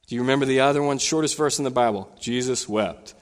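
A male pastor delivering a sermon in a church sanctuary, with a voice of middle pitch. He preaches with animation, swelling higher and louder when he retells a scene. A long reverb trails each phrase. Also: fast talker.

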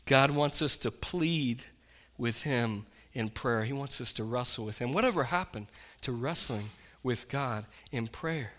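Bright-voiced impassioned preacher man. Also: medium pitch, a little slow, long reverb tail. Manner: impassioned preaching, swinging from loud to hushed. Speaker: pastor. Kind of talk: sermon. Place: church.

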